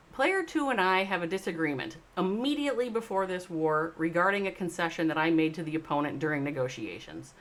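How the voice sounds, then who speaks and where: A woman hosting a live stream, talking straight to chat viewers. She swings between loud, emphatic, swearing bursts and slow, soft reflection. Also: on the low side. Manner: addresses chat viewers by name. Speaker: livestream host, esports org owner. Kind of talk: emotional livestream monologue.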